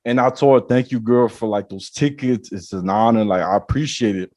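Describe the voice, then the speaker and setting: A man's voice: on the low side, a little fast, no room sound. A man, a podcast host, casually telling a long story and acting out the people in it. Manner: animated storyteller acting out dialogue.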